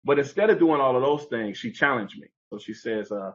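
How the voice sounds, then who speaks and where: Guy guest telling his life story, animated, kinda muffled audio. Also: mid-range voice, fairly quick. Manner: animated, acts out the people in his story, conversational fillers. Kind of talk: personal storytelling in an interview.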